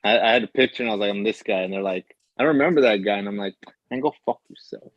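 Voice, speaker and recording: A man's voice: fairly low pitch, fast, no room sound, highs cut off. Wry, self-mocking man. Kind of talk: casual chat.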